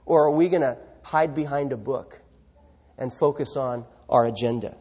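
Husky-voiced preacher in a reverberant hall. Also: male voice, mid-range voice, normal speed, darkish tone. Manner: conversational preaching, rhetorical questions to the congregation. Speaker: pastor. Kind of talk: sermon.

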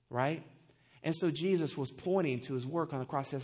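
Guy preaching, pretty high voice, chatty and animated, keeps asking the crowd "right?". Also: moderate pace, slightly rough. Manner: animated, conversational preaching with asides to the congregation. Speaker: pastor. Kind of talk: sermon.

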